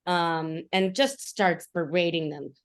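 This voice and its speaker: Woman player, video call, slow and hesitant, lots of "um". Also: lowish voice, smooth. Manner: hesitant, full of fillers. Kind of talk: casual tabletop game play.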